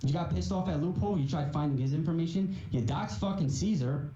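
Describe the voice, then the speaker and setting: A man's voice: fairly high pitch, fairly quick, mellow. A man delivering an angry, profane callout rant on a livestream, confrontational and repeating his points with rising emphasis. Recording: muffled, roomy echo, faint hiss.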